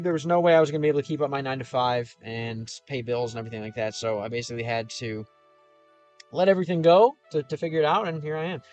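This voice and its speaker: A man's voice: on the high side, muffled recording. Rambling male streamer over faint music. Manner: rambling, self-interrupting, easygoing. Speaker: YouTuber streamer. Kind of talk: casual livestream chat reading comments. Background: faint game soundtrack music.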